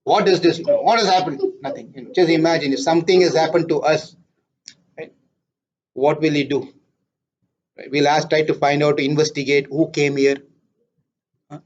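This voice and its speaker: Husky man teaching a scripture class. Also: on the high side, moderate pace, long pauses. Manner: lively storytelling with questions to the audience. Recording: dull lo-fi lecture recording.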